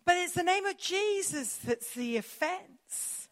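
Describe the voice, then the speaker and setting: A woman's voice: very high-pitched, expressive, takes it slowly. A woman preacher, delivering an emphatic sermon full of repetition.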